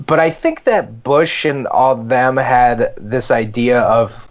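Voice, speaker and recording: A man's voice: mid-range voice, takes it slowly. A man co-hosting a comedy podcast, telling rambling stories in a loose, casual way. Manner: rambling, animated storytelling with fillers. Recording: dull lo-fi podcast audio.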